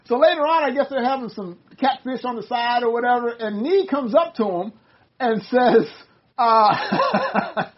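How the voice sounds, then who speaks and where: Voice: medium pitch, expressive, measured pace, lo-fi sound. An older speaker leading a casual Bible study discussion, rambling with many restarts and reading passages aloud.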